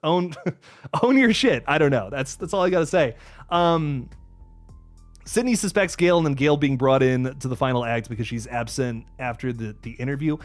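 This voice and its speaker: A man's voice: medium pitch, brisk, no room sound, soft background music. A young man hosting a live movie review stream, frustrated and rambling, stammering through restarts and swearing as he reads out donations.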